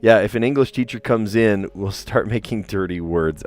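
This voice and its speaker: A man in his thirties, a teacher, chatting casually on his puzzle livestream, relaxed and chatty with lots of fillers and easy laughs. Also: lowish voice, normal speed, no room sound, faint music behind.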